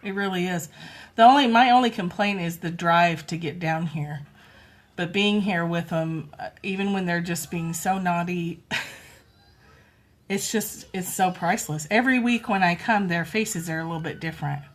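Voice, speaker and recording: A middle-aged woman chatting casually on a phone livestream at home, talking softly and cooing now and then to toddlers. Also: on the low side, normal speed. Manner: chatty, soft, coos to toddlers. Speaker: livestream host.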